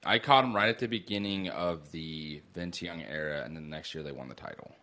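A man's voice: very deep voice, fairly quick, sharp tone. A man co-hosting a podcast, talking college football bets in a laid-back way, chuckling and swearing casually. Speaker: podcast co-host. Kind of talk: casual sports betting chat.

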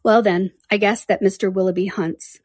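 A woman reading the lines of a reserved young gentleman in a storybook, quiet and gently teasing. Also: mid-range voice, fairly even intonation, moderate pace, dry recording, clean studio sound, lightly acted. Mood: wry.

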